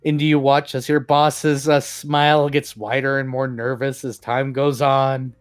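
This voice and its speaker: A game master narrating a tabletop game in a lively way. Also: unhurried, dry recording, soft background music. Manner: lively narration with sudden pitch jumps.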